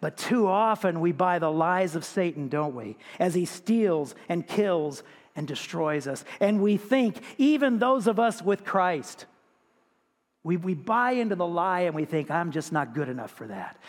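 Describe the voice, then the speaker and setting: A male pastor preaching a sermon in a conversational way, often turning to the congregation with rhetorical questions. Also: high-pitched. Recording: long reverb of a large hall.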